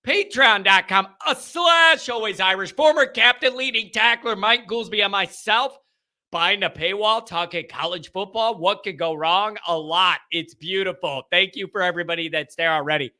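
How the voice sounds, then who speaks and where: A man's voice: high voice, normal speed, sharp tone. A man hosting a college football show, giving casual, emphatic commentary with a sarcastic edge.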